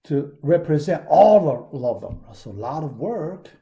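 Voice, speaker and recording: Man, university lecturer, slow, mellow, lively intonation, repeats words, many fillers. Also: on the high side. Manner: halting, frequent "yeah" and "all right" fillers; repeats key words for emphasis. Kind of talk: recorded classroom lecture.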